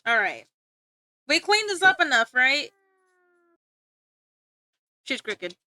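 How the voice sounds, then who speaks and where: A woman livestreamer chatting with her viewers, giggly and talkative. Her voice sits high and bright, leaping around in pitch as she reacts. The sound is dry and close, with no room around it. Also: big pitch swings, takes it slowly, dry recording. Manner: chatty, giggly, talks back to chat. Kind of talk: casual livestream chat.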